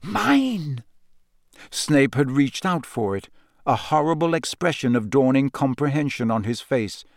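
This is scripted audiobook narration of a novel by a man whose medium-pitched voice moves at an even, measured pace. No echo or room sound colors the dry, close recording.

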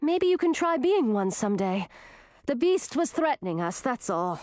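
A woman's voice: on the high side, big pitch swings, moderate pace, a little mellow, dry recording, studio quality. A woman reading an audiobook, voicing a bold young huntress who speaks firmly and with scorn. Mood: defiant, commanding. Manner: firm, commanding, scornful. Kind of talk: audiobook character voice.

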